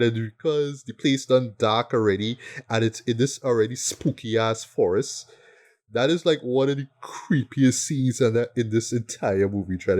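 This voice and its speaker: A man's voice: mid-range voice, darkish tone. A man co-hosting a podcast, chatting casually and keenly about films and tagging his points with "right?". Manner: enthusiastic, peppers talk with "right?". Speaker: podcast co-host. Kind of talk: casual film review chat.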